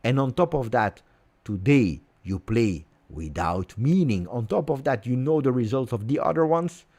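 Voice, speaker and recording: A man's voice: mid-range voice, lively intonation, normal speed, mellow. A man with an Italian accent hosting a live football reaction, ranting angrily and repeating himself. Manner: angry, repetitive ranting. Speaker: fan channel host.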